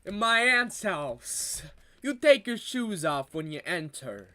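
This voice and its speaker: A brash Italian-American storyteller, put on by a streamer talks in a choppy, exaggerated accent. The pitch swings widely and the tone is bright and sharp. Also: big pitch swings, slow pace, a little hiss or hum, exaggerated voice. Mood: mock-stern. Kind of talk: comedy bits during a game stream.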